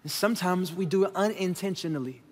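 A man's voice: high voice, fast talker. A man in his thirties preaching a candid, conversational sermon to his congregation, speaking straight to them as "y'all" from a stage microphone in a church sanctuary. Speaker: pastor. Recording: long reverb of a large hall.

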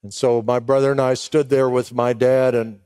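In clean studio sound with no room echo, a middle-aged preacher addresses pastors in a smooth, mellow, mid-range voice with a level tone. His sermon is emotional storytelling where he voices both sides of recalled exchanges and slows down to let moments land.

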